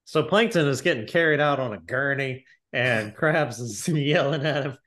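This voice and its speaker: A man's voice: medium pitch, fairly bright tone. A man co-hosting a podcast, casually retelling cartoon scenes and quoting the characters. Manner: retells cartoon scenes with quick quoted voices. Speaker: podcast co-host. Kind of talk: casual chat.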